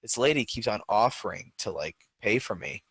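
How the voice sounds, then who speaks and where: Low-pitched male podcast co-host, rambling casual storyteller, dry close sound. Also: animated, moderate pace, fairly bright tone, dry recording. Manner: rambling storyteller, many filler words. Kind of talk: casual chat.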